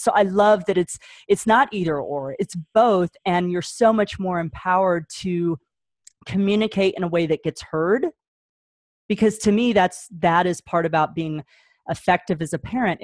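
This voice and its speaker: A woman's voice: fairly low pitch, normal speed, darkish tone, dry recording. A woman hosting an interview as a parent coach, affirming her guest and reflecting her points back thoughtfully. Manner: affirming, frequent mm-hmms, thoughtful restarts.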